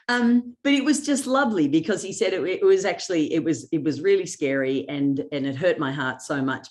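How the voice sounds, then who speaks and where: A woman with a notably low voice leads a motivational workshop. She tells personal anecdotes, slips into the voices of the people she quotes and laughs easily. She sounds middle-aged. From Australia. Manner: storytelling with acted quotes and sarcasm; laughs often. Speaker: workshop presenter.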